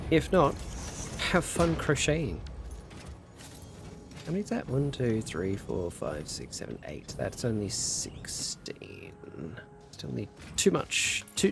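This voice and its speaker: This young game streamer has a lowish voice with vocal fry. He's chatty and animated, spinning stories and reading viewers' messages aloud as he plays.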